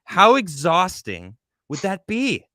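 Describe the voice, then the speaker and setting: A male podcast host with a lively, swooping pitch and a bright, sharp tone. He chats casually and agrees readily with his guest. The voice sits dry and close to the mic. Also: takes it slowly, no room sound. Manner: animated, agreeable, chiming in often. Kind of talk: casual interview chat.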